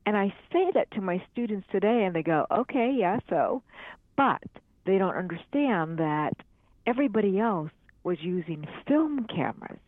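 A woman's voice: medium pitch, animated, normal speed, dry recording. Older lady guest, chatty and upbeat, sounds like a phone line, dry. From United States. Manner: upbeat and chatty, laughs often. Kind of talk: casual interview chat.

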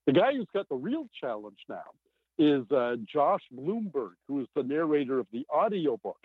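Novelist guest, male, lively and emphatic, dry tinny phone-line sound. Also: on the high side, normal speed, breathy edge, no echo. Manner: animated, emphatic, with many fillers. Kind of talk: podcast interview.

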